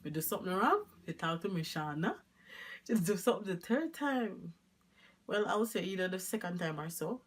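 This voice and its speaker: A woman's voice: medium pitch, expressive, fairly quick, husky. A woman with a Jamaican accent chatting to the camera in a rambling vlog, slipping in patois as she talks. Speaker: vlogger. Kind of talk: casual chat to camera.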